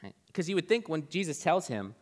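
A man's voice: on the high side, big pitch swings, fairly quick. Chatty young man preaching in a hall. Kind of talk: casual Bible teaching. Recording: long reverb of a large hall.

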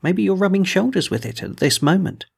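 A bold fugitive adventurer, as a man reads him for an audiobook. He speaks persuasively, with a gravelly, husky edge. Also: high-pitched, lively intonation, brisk, pitched above the performer's own voice, exaggerated voice. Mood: urgent. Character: adventurous male fugitive hero spinning a tale.

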